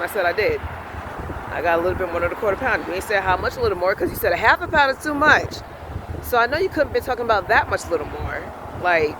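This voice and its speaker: A man's voice: sits high, expressive, fast talker, background noise. A man telling a heated story in a casual, profane rant, acting out both sides of an argument. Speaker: self-styled spiritual vlogger.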